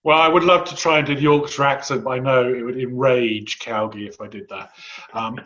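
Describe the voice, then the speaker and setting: A man's voice: medium pitch, steady tone, fairly quick, fairly bright tone, muffled recording. A man in his fifties, a guest commentator, talking in a wry, sardonic way with frequent restarts in casual political chat. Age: 50s.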